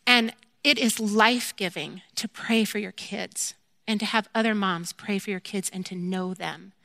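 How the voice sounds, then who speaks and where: A woman gives a personal faith testimony in a bright, ringing voice. She is candid and self-deprecating and acts out her own quoted lines with lively animation. The recording is dry and close. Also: mid-range voice, normal speed, vocal fry, dry recording. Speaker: mother sharing a faith testimony.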